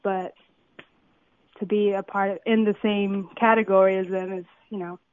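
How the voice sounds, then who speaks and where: A young woman from Compton, a model, telling stories excitedly with many fillers in an interview. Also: mid-range voice, normal speed. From Compton, California. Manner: excited, filler-heavy storytelling. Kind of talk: phone interview, casual storytelling. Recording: tinny phone line.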